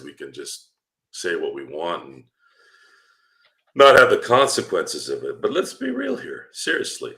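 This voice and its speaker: A deep, slightly bright male voice belongs to a guest commentator on a fan podcast. In casual chat, he talks heatedly, fires off rhetorical questions, and swears freely.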